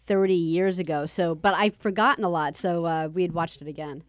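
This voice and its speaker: A woman's voice: fairly low pitch, fairly quick, no room sound. A woman co-hosting a comedy radio show, chatting loosely with lots of fillers. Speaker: radio co-host.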